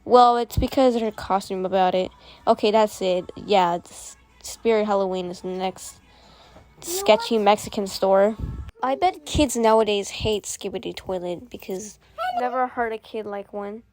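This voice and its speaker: A woman's voice: mid-range voice, moderate pace, darkish tone. A young woman vlogger giving rambling, sarcastic commentary, full of fillers and restarts. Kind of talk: casual commentary.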